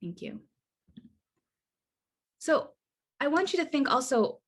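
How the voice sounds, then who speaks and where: A woman's voice: sits high, very animated, slow, long pauses. A woman presenting a workshop over a video call, earnest and conversational, with frequent restarts and a tag of "right?". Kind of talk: online workshop talk.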